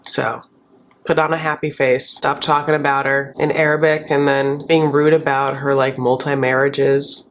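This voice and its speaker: A woman hosting a casual TV recap, gossipy and sassy with quick joking asides. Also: rumbling low, little pitch movement, slight background noise. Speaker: recap host.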